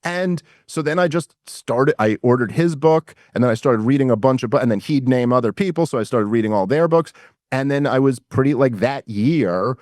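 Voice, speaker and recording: A man from New York City, a guest on a casual podcast interview, tells a story with animation, acting out the people he quotes and throwing in quick asides quoting himself and others. His mid-range voice is studio quality with no room sound.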